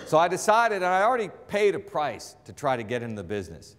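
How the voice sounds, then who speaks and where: Animated storytelling man in a big hall. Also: fairly quick. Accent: trained-out Boston accent. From Boston area. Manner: animated, acts out quotes, drops low for asides. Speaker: sportscaster speaker. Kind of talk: motivational storytelling speech. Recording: long reverb of a large hall.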